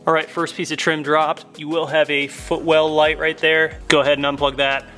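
This young car modification vlogger talks through a step-by-step install from inside a car, casual and upbeat. His voice is a little high with little pitch movement, normal speed, and a sharp tone, with faint music in the background. He chats to viewers, addressing them as "guys."

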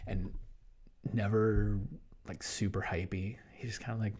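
A man talking as an online business coach in a casual promotional monologue, energetic, jumping between loud bursts and hushed asides. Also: on the low side, normal speed, husky. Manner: mimics other people in quoted voices.

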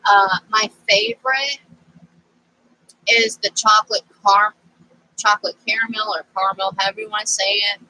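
A woman's voice: mid-range voice, little pitch movement, moderate pace, pauses often, sharp tone, a little hiss or hum, rough recording. A woman vlogging casually to camera as she works on a craft project, rambling and easily sidetracked.

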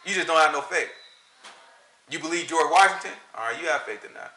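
A man preaching in an animated, colloquial way, emphatic and mocking by turns. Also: fairly high pitch, a little fast, echoey room, rough recording.

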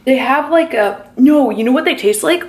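A woman's voice: high-pitched, animated, moderate pace, darkish tone. Chatty young woman vlogging. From Canada. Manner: chatty, says "like" a lot, candid. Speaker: lifestyle vlogger. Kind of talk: casual vlog chat to camera.

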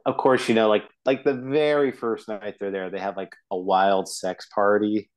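A podcast co-host chats casually about a movie, acting out scenes with little quoted voices. He speaks at a moderate pace with a steady tone, his voice on the low side.

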